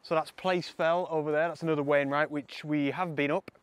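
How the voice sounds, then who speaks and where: A man's voice: fairly high pitch, fairly even intonation, a little fast, smooth, no room sound. A young man, vlogging casually and enthusiastically outdoors by a lake, laughing often. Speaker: landscape photography vlogger. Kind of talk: casual vlog to camera.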